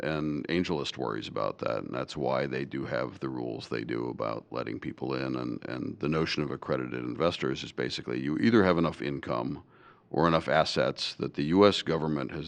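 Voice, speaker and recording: A man, an angel investor, telling stories in a dry, measured way during a casual interview. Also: a bass voice, creaky, a bit bright.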